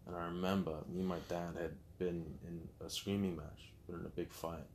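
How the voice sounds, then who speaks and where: Deep-voiced man telling his story candidly. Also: fairly quick, a little hiss or hum. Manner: open, animated storytelling with acted-out quotes. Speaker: guest. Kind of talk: candid personal interview.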